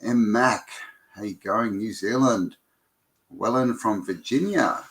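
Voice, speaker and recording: A man's voice: lowish voice, slow, a bit bright. Chatty man hosting a livestream. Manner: chatty, rambling, many ums and restarts. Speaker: live stream host. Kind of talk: casual live-stream chat greeting viewers.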